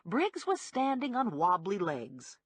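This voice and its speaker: Lively woman narrating an audiobook. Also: medium pitch, takes it slowly, slightly rough, no echo. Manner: lively, wide-ranging delivery with acted character voices. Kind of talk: scripted first-person audiobook narration.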